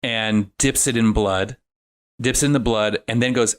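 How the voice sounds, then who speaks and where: A man's voice: lowish voice, steady tone, measured pace, smooth. A man in casual chat, recapping a film in a loose, rambling way with many fillers. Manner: rambling, filler-heavy storytelling. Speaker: podcast guest recapping a film.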